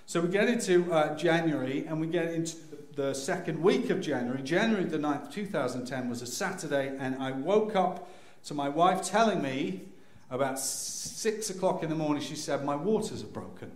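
A man telling a humorous personal story to an audience, acting out scenes with sudden loud cries. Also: fairly high pitch, normal speed. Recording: echoey room.

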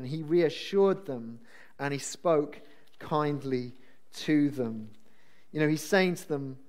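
A man preaching a sermon in a chatty, self-deprecating and animated way. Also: fairly high pitch, takes it slowly.

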